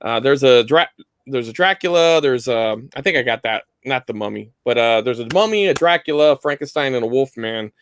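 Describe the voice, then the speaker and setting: A man's voice: mid-range voice, animated, brisk, fairly bright tone, clear, resonant tone, dry recording. A man co-hosting a live online collecting chat, talking casually and rambling with lots of fillers over a video call. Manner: rambling, loose, many fillers.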